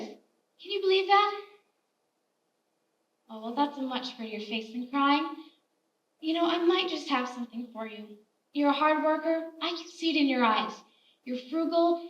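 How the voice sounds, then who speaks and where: A woman's voice: sits high, fairly bright tone, far from the mic. An actress playing a motherly, scolding frontier woman who bakes biscuits, acted live on a theater stage. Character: kindly, bossy frontier woman baker. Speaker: stage actor. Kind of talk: live stage play acting. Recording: roomy theater stage, heard from afar.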